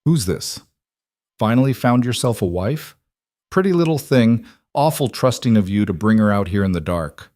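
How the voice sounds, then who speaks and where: Give me a rough, taunting cowboy villain, as a male narrator puts him on, somewhat higher than his own low voice. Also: expressive, normal speed, a little mellow, no room sound, clean studio sound, lightly acted. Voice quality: rough, amused drawl. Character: big menacing rancher villain, mocking and rough.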